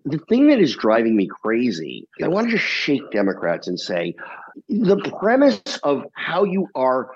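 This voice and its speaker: Animated man telling stories, lo-fi sound. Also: medium pitch, measured pace, slightly rough. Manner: animated storyteller, laughs often, swears casually. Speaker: TV comedy producer, guest. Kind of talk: casual interview conversation.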